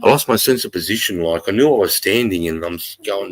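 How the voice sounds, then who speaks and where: A middle-aged Australian man hosting a livestream, telling a long story in a rambling, profane, animated way. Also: low-pitched, fast, hardly any pauses. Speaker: livestream host.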